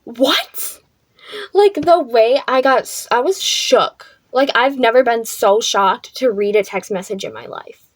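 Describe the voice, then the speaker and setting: Young woman, chatty storytime, fairly high voice, dry close sound. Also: measured pace, no room sound. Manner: chatty, lots of "like", swears freely. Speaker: vlogger. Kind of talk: casual storytime.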